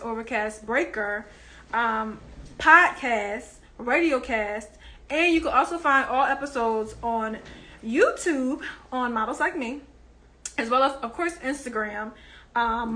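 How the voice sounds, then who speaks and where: A woman's voice: fairly high pitch, bright, forceful tone. A woman hosting a casual live interview, chatty and a little nervous, with plenty of fillers. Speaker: host.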